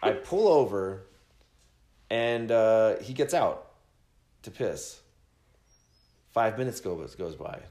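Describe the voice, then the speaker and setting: Brief: deep-ish man, rambling swearing storyteller, roomy echo. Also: takes it slowly, long pauses. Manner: rambling, swearing, animated quoting of friends. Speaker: podcast host telling a story. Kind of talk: casual storytelling, profane.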